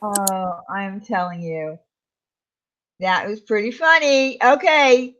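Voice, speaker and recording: A woman co-hosting a casual live chat show, talkative and quick to laugh, trailing off between thoughts. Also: medium pitch, muffled recording, very noisy. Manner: chatty, laughs often, trails off. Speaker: livestream co-host.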